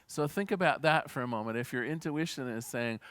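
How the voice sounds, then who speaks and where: A minister giving a sermon in an earnest, gentle teaching manner, with small restarts as he talks. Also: medium pitch, a little fast, no echo, studio quality.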